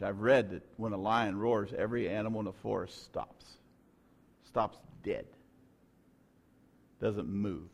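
A male pastor preaching a sermon, moving between quiet storytelling and loud, shouted preaching. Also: lowish voice, gravelly.

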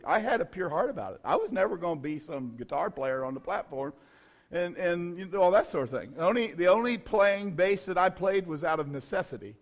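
A middle-aged male pastor telling a self-deprecating story in a sermon, dropping to quiet asides and rising to shouts. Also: on the high side. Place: church.

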